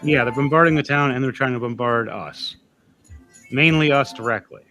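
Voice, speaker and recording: A man narrating as game master of a tabletop game, animated and halting with fillers. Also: mid-range voice, soft background music.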